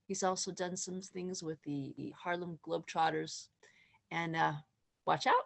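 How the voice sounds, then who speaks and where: Gravelly low-voiced woman on a call. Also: steady tone, unhurried. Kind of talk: casual video call chat.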